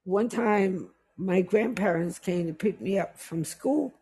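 A middle-aged woman from the West Indies tells stories from her past in unhurried, easygoing chat. Her voice is soft and breathy, and she slows down to let each story land. She breaks into the voices of the people in her tales, acting out what they said. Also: mid-range voice.

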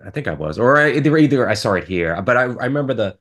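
A man's voice: mid-range voice, animated, fast, a bit bright. A man co-hosting a casual film podcast, talking in a rambling way with frequent restarts. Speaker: podcast co-host.

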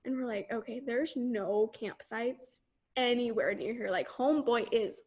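A young woman from Las Vegas, telling a scary personal story in a casual chat, animated and laughing often. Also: fairly high pitch, a little slow, breathy edge. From Las Vegas, United States. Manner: animated, laughs often, acts out quoted voices.

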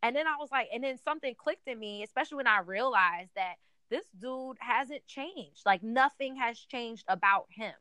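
A woman's voice: a little high, animated, normal speed, pushed and bright, clear, resonant tone, no room sound. A woman in casual conversation as a guest, animatedly telling a personal story and acting out her own past thoughts. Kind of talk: casual chat.

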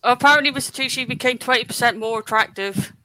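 A man with a West Country accent and a very high, piercingly bright voice. He chats and jokes casually on a gaming podcast. His sound is dry and close, with no room around it. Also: fast talker, no room sound. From South West England. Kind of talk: casual chat.

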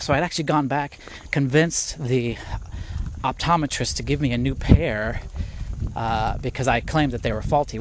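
A young man telling a personal story in a casual sermon, laughing often and swinging between loud bursts and quiet, low asides. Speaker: preacher.

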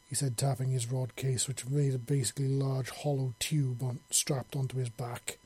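A man narrating a fantasy story in a relaxed way, with small slips and self-corrections. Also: medium pitch, normal speed, few pauses, slightly rough, no room sound.

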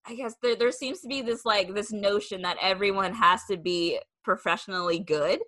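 Full of "like" fillers, a young podcast host chats casually and acts out the replies people gave her. She speaks at a moderate pace in a mid-range voice that's bright with a forceful tone.

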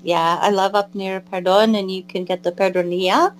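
A woman's voice: medium pitch, fairly even intonation, normal speed, a little hiss or hum, poor audio. An American woman chatting as an interview guest, rambling with lots of fillers and restarts. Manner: warm, wandering, many fillers and restarts. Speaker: guest, pilgrim and albergue volunteer. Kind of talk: casual interview chat.

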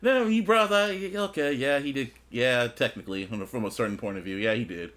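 A man co-hosting a podcast, excitedly retelling a TV episode, acting out lines and laughing often. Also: medium pitch, brisk. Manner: animated, acts out scenes in voices, laughs often. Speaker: podcast co-host. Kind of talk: casual chat recapping a TV episode.

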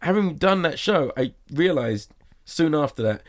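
A man's voice: fairly high pitch, expressive, a little slow. A man guest telling a rambling anecdote in casual conversation, full of fillers and quoted exchanges. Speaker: guest, magician performer. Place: sauna.

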